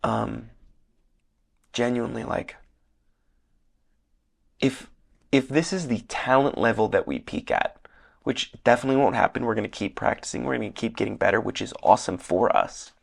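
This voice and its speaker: A young man from Northern Michigan hosting a casual solo podcast, rambling earnestly with many fillers, his voice hoarse and worn. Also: medium pitch, normal speed, pauses often. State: losing his voice, slightly hoarse. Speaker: podcast host. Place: hotel room.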